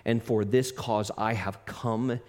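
A preacher voicing a calm, solemn king. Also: lowish voice, slow, pitched below the performer's own voice. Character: calm, solemn man declaring himself king.

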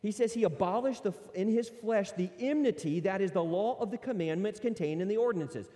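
A man preaching a sermon as a pastor, animated and conversational, now and then acting out excuses in character voices. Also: high voice, fairly quick, in a large hall.

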